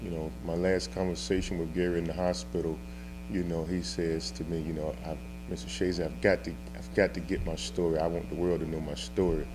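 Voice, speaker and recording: A man's voice: low-pitched, level tone, brisk, noisy background. A man earnestly recalling a last conversation in an interview. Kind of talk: interview recollection.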